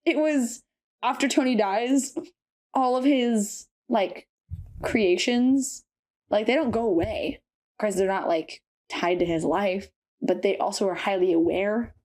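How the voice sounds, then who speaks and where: A woman's voice: mid-range voice, unhurried. Young woman cohost, casual chatty podcast talk, piles on fillers. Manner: animated, retells stories with lots of fillers. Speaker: podcast co-host. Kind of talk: casual chat.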